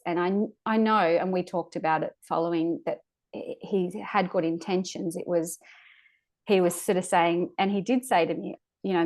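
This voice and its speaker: A woman speaks as a podcast guest, telling her own birth story. Her voice sits low and stays fairly flat. She pauses and restarts often as she searches for words, and she sounds emotional, close to tears at times. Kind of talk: recounting a personal birth story.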